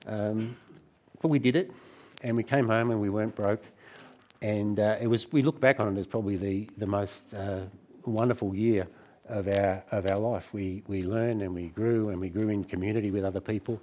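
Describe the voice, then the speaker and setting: A middle-aged man preaching a sermon to a church gathering, conversational and warm in tone, with frequent restarts. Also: fairly low pitch, steady tone, normal speed.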